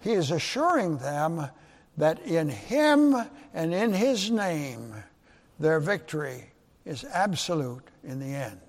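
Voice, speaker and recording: A man preaching a sermon as pastor, emphatic, his voice leaping up loud for rhetorical questions. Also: on the high side, very animated, slow. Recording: long reverb of a large hall.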